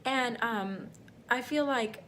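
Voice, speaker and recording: A woman's voice: a little high, takes it slowly, a bit bright, slight background noise. A middle-aged woman vlogging a personal faith testimony, talking in a rambling, heartfelt way full of fillers.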